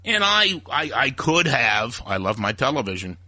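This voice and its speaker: Heated male talk radio host with a sharp, husky voice and lively, swinging delivery. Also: lowish voice, normal speed, no room sound. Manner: ranting, heated, acts out quoted voices. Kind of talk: opinionated talk radio monologue.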